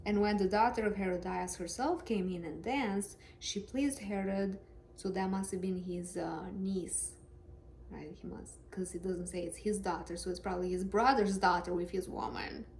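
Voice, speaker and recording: A woman's voice: medium pitch, steady tone, normal speed, darkish tone, slight background noise. A woman reading scripture aloud with casual, sarcastic, joking commentary. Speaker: Bible reader and commentator.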